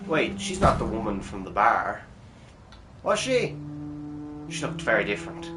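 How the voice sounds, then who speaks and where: A man's voice: lowish voice, sing-song, measured pace, over music. An Irish man streaming a video game live, rambling through his choices with wry, casual remarks and the odd swear. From Ireland. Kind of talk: live gameplay commentary. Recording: echoey room with faint noise.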